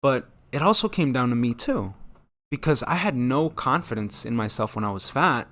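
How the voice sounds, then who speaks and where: Talking alone on his channel, a man in his thirties swears casually and drifts off track as he rambles. His voice is a bit bright, expressive, and at normal speed, and he performs quoted dialogue with abrupt, jumpy leaps up into a higher pitch.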